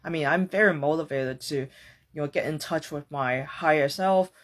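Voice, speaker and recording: A woman's voice: sits low, moderate pace. A woman hosting a podcast, talking through a reflective personal monologue in an earnest, searching way, casual and with the odd swear word. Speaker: podcast host.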